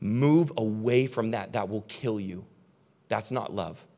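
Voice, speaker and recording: A man's voice: fairly low pitch, slow, dark tone. A young man preaching a sermon to a live audience in a conversational, emphatic way, speaking directly to his listeners. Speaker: pastor. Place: church hall with a live audience.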